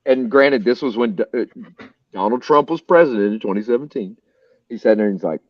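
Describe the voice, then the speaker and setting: A man's voice: mid-range voice, lively intonation, brisk, dry recording, dull audio. A man from the United States hosting a live stream, telling a rambling, profane anecdote with many fillers. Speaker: stream host. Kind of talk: casual storytelling on a live stream.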